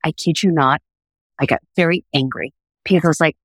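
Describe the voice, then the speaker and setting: A middle-aged woman, a food TV producer, telling a lively story as a podcast guest on a remote call. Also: sits low, fast, no room sound, poor audio. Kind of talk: casual podcast interview.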